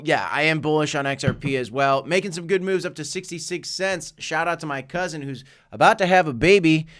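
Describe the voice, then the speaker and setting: His voice is smooth and medium-pitched with a fairly bright tone. He's an upbeat crypto livestream host working from home, joking, making chatty asides and reading viewer chat during live market commentary.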